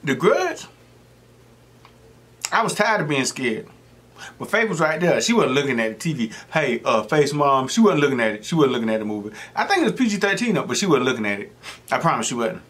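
Between mouthfuls, this middle-aged mukbang host rambles through joking stories in casual chat. He speaks fairly quickly with a medium-pitched, fairly bright voice and very animated delivery.

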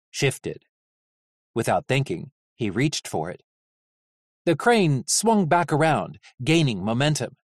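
An audiobook narrator reading a novel in an expressive, animated way. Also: mid-range voice, dry recording, studio quality.

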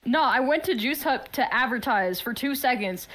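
A woman's voice: high voice, expressive, moderate pace, hardly any pauses, a bit bright. A woman co-streamer in casual chat, blunt and heated, with plenty of swearing.

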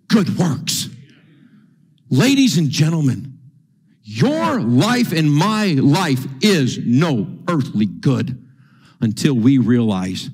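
A man preaching a sermon in a church, animated and repeating himself as he acts out quotes. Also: medium pitch, husky. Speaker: pastor. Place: church sanctuary.

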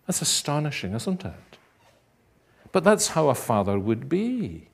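A man preaching a sermon, deliberate and emphatic, at times acting out dramatic cries. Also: fairly high pitch, sing-song, creaky, husky.

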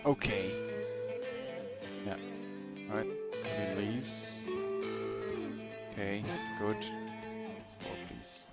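A man giving excitable let's play commentary, swearing and letting out sudden shouts. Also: fairly low pitch, drawn-out words, long pauses, loud music behind the voice. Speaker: gamer.

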